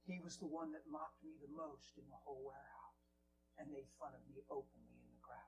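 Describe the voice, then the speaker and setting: A man preaching in a church, telling a story with animated swings from loud bursts to near whispers. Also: on the high side, moderate pace, noisy background. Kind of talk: storytelling sermon. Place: church hall.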